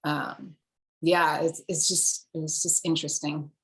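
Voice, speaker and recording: Low-voiced woman from Singapore. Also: slow pace. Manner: animated storyteller, switches accents. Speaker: actor, interview guest. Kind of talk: casual interview chat.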